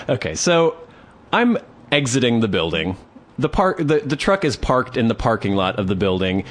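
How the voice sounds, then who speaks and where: A man's voice: mid-range voice, very animated, measured pace. A man co-hosting a podcast, telling an anecdote in casual chat and acting out both sides of the dialogue. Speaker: podcast co-host.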